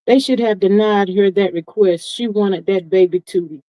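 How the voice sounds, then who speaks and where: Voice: mid-range voice, normal speed, dark tone, no room sound, poor audio. A live-stream gossip host chatting casually with viewers, sassy and folksy, calling everyone "honey" and "child".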